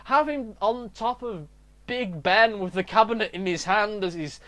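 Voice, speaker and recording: A man's voice: sits high, measured pace, pushed and bright. A man rambling through a profane, comedic TV review monologue. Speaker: video reviewer.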